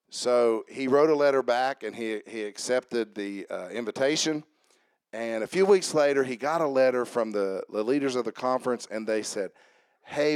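A man preaches in church in a folksy, conversational way, dropping "um"s and asking the congregation "amen?". His voice sits at a middle pitch. The sound is dry and close, with little room echo. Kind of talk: sermon. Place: church sanctuary.

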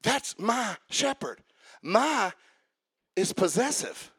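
Gravelly, high-voiced preacher. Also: male voice, very animated, slow, no room sound. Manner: swings from shouted, sing-song preaching to hushed, chatty storytelling. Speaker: pastor. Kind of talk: sermon.

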